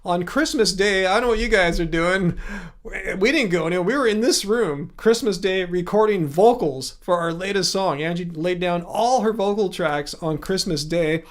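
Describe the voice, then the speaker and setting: A man hosting a casual livestream from his home studio, chatting with viewers and reading their comments aloud, thinking out loud with frequent restarts. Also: sits high, moderate pace. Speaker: livestream host.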